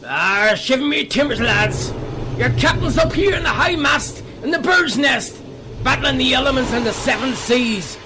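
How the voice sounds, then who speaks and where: A blustery pirate captain, played by a man, bellows from up a mast in a very high voice. He shouts over the weather as he talks. Clear background noise runs under the recording. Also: animated, normal speed. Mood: bellowing.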